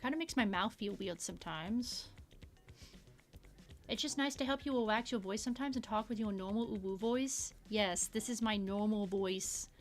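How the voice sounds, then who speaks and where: A woman streamer chats casually on a live stream while drawing, putting on a sweet, playful uwu baby-talk voice with a lisp and drawn-out words. Her voice is mid-range and close to her everyday sound, at normal speed, with soft music in the background.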